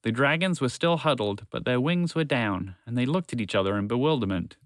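Male storyteller, children's story, lively, smooth resonant voice, close dry sound. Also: mid-range voice, fairly quick, dry recording.

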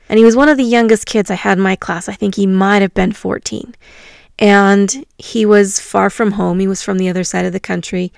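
Teacher lady telling a story, earnest and thoughtful, bit of vocal fry, close dry mic. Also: medium pitch, dry recording. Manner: reflective, earnest, with pauses and fillers. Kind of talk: personal storytelling.

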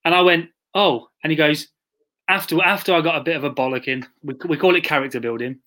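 A man with a slightly high voice, recounting stories on a podcast. He talks in a chatty, laughing way and quotes others as he goes. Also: quick pace, bright, forceful tone. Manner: chatty anecdotal storytelling with laughs, quoting others. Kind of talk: casual podcast chat.

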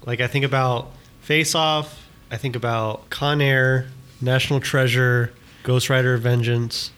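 A man's voice: medium pitch, little pitch movement, unhurried, fairly bright tone, clear, resonant tone. A man co-hosting a casual movie podcast in an easygoing, joking way. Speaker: podcast co-host. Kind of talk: casual movie review chat.

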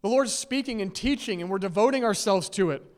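High-voiced male pastor in a reverberant hall. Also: fairly quick, a little mellow. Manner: conversational, many "okay?" and "right?" checks; laughs lightly between points. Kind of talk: sermon. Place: church sanctuary with long reverb.

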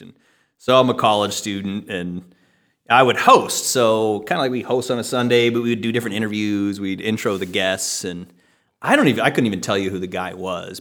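A man's voice: on the low side, creaky, fairly bright tone. A man co-hosting a church podcast, telling a self-deprecating story in casual chat and laughing often.

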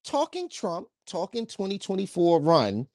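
A man co-hosting a casual political podcast, talking with energy in quick bursts and frequent restarts. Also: high voice, huge pitch swings, a little mellow, dry recording, studio quality. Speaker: podcast co-host.

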